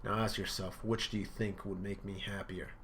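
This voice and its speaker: A man's voice: on the low side, flat delivery, moderate pace, fairly bright tone, a little hiss or hum, close to an everyday voice. A man reading as a haughty, scornful young pirate cook. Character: cold arrogant young male pirate cook.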